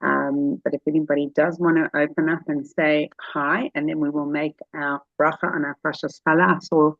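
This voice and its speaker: A woman's voice: sits low, little pitch movement, moderate pace, dry recording, narrow, tinny audio. A woman hosting a video call, effusive with thanks and praise. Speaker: host.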